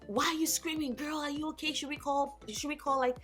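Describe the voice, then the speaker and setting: A fretful talking smartwatch, put on by a woman in a raised, bright voice. It fusses and asks anxious questions. Soft music plays faintly behind. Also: sits high, fairly even intonation, brisk, pitched above the performer's own voice. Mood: worried. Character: worried female smartwatch fussing over its owner.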